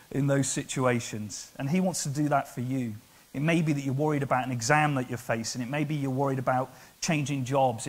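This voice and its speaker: A man with an English accent preaching a sermon in church, earnest and conversational, building to loud, emphatic passages. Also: mid-range voice, husky. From England. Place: church hall.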